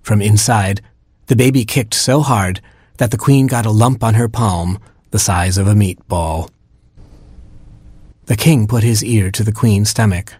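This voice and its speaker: A man's voice: on the low side, a little slow, pauses often, darkish tone, husky, no echo. A man reading a comic story aloud in a dry, wry storytelling manner.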